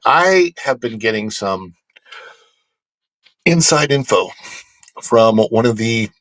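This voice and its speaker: A man hosting a casual theme-park news livestream, animated and joking as he talks to his chat. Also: on the low side, gravelly, dry recording.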